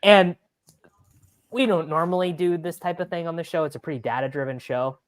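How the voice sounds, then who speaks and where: A man talking fantasy football on a casual podcast, animated and rambling with lots of fillers. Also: a little high, brisk.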